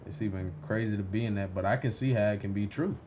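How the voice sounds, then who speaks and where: A low-pitched man co-hosts a podcast, talking casually and asking earnest, probing questions. A faint hum sits behind his voice. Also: fast, darkish tone. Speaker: podcast co-host. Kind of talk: casual conversation.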